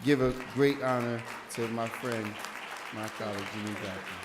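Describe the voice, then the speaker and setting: A man at a civic ceremony reads out a formal proclamation for an honoree at a mid pitch. He slips in teasing asides between the formal whereas clauses. A faint crowd can be heard behind him. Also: moderate pace, background noise. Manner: joking, warm-hearted emcee patter between formal reading. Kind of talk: ceremony speech reading a proclamation. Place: civic ceremony before an audience.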